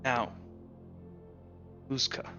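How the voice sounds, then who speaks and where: Man GM doing a hushed feline dad, stern yet kind, solemn and slow, bright tone, muffled lo-fi audio. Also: faint music behind, heavily acted. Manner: quiet, solemn, measured fatherly counsel. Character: stern but gentle cat-folk father, middle-aged.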